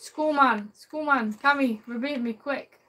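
A woman live-streaming a game, chatting warmly and excitably with her viewers and drawling a repeated sing-song catchphrase. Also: high voice, unhurried. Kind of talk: live gameplay commentary.

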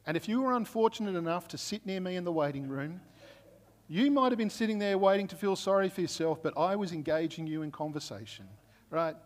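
Man, pastor, sermon, storytelling, fairly high voice, long church reverb. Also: expressive, brisk. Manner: conversational storytelling, frequent "right?" check-ins.

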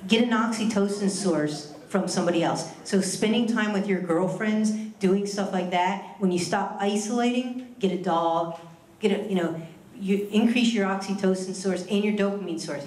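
A woman's voice: fairly low pitch, darkish tone. A woman giving a casual live talk about the science of love to an audience, chatty and storytelling. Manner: chatty, tells stories with acted quotes. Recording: echoey room.

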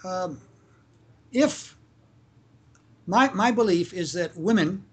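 In a casual interview, a Canadian family lawyer with a high-pitched, husky voice answers questions, acting out examples with shouts and halting often to begin his sentences again.

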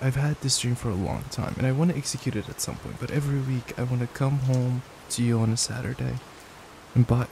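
A young man in a whispered role-play as a boyfriend, gentle, affectionate and reassuring, speaking into a desk microphone at home. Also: medium pitch, vocal fry, noisy background. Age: young adult. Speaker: ASMR creator. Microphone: desk microphone at a gaming setup.

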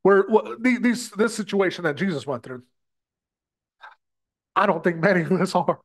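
A man's voice: sits high, normal speed. A man from the United States preaching a sermon in an impassioned way, often stumbling and repeating his words as he addresses his brothers and sisters.

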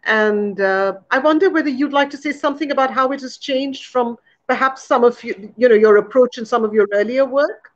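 A woman with a slightly high voice talking through her reading of a novel, careful and searching for words. The recording sounds dull and muffled. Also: fairly quick, hardly any pauses. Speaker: poet and interviewer. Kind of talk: literary conversation.

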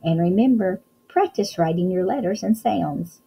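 A woman's voice: fairly low pitch, expressive, vocal fry, mellow, husky, low-quality recording. A young woman teaching a recorded phonics lesson to young children, sounding out letters and praising often. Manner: encouraging, sounds out letters slowly, frequent praise. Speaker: kindergarten teacher.

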